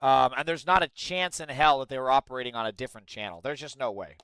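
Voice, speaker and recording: A man's voice: mid-range voice, expressive, fast, fairly bright tone, clean tone, no room sound. A young man live-streaming, reading news aloud and ranting with lots of swearing. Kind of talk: casual live-stream commentary.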